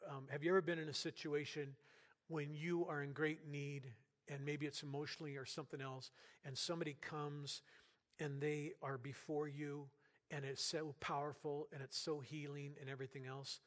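An older man preaching a sermon as pastor in a church, talking to the congregation in an earnest, conversational way with bursts of loud emphasis. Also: a little high, level tone, moderate pace. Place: church sanctuary. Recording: long hall reverb.

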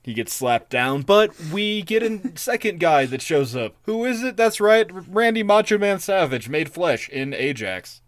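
A man's voice: high voice, very animated, unhurried, few pauses, no room sound. A man co-hosting a podcast who retells an ancient epic in a casual, jokey, irreverent way with crude humor. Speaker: podcast co-host. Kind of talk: casual chat.

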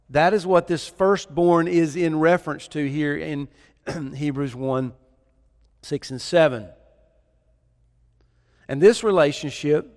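A man preaching a sermon to his congregation, with a deliberate, emphatic delivery and repeated words for stress. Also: a little high, long reverb tail.

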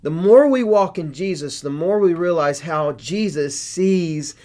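A man's voice: a little high, measured pace, a little mellow. A man hosting a casual faith podcast, earnestly explaining his points step by step. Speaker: podcast host.

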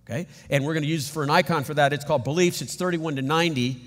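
A middle-aged man preaching a sermon as pastor, telling stories in an animated, emphatic way. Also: fairly high pitch, quick pace, in a large hall.

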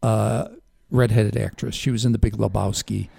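A man's voice: fairly low pitch, steady tone, moderate pace, creaky, mellow, slightly rough, no room sound. A man with a Chicago accent hosting a radio show from a studio, chatty and self-deprecating. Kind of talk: casual talk radio banter. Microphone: studio microphone.

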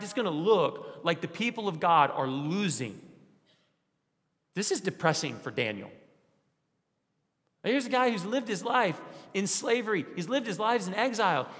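The recording catches a young man preaching as pastor inside a church sanctuary, its long hall reverb trailing his words. To make a point, he asks the congregation rhetorical questions and lets his voice sink low and soft.

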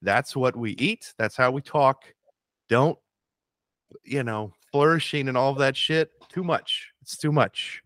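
A man's voice: medium pitch, slow, a bit bright, dry recording. A man in casual comedic chat, delivering sarcastic mock rants and swearing freely.

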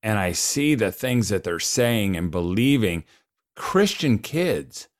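A man's voice: fairly low pitch, big pitch swings, takes it slowly. A man hosting an interview, affirming his guest and sharing personal stories. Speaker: show host. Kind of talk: interview conversation.

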